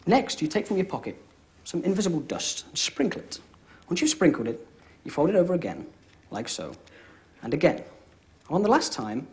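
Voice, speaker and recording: A young man with a high voice swings his pitch hugely as he briskly jokes his way through close-up magic patter, always checking in with "all right?" The setting is a live TV studio with an audience.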